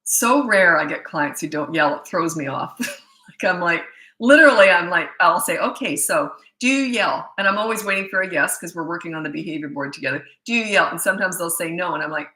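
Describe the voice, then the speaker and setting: A woman's voice: lowish voice, fast talker, bright, forceful tone, reverberant, rough recording. A middle-aged woman parenting coach answering viewer questions in a blunt, emphatic way, often restarting her sentences.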